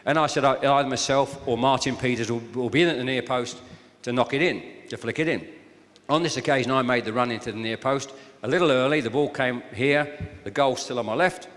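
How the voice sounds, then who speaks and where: An older man with a southern English accent, giving an anecdotal after-dinner speech and teasing the audience. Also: mid-range voice. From southern England. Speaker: guest speaker. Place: function hall with live audience. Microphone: handheld or stand microphone. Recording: long echo of a large hall.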